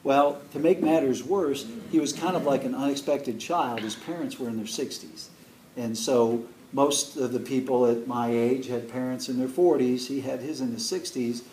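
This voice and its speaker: A man from Chicago telling an animated story and coaxing a live class to join in as a motivational speaker. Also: medium pitch, moderate pace, slight background noise. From Chicago, USA. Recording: roomy sound from a distant mic.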